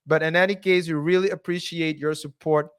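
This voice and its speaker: A man co-hosting a casual commentary podcast, speaking haltingly, restarting sentences and chuckling often. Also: fairly high pitch, steady tone, clear, resonant tone. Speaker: podcast co-host.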